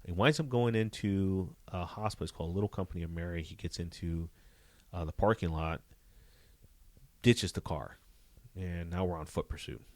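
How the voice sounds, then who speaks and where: A man, a police detective, telling a story in a casual interview, animated and full of "you know" fillers. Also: deep voice, normal speed, no echo.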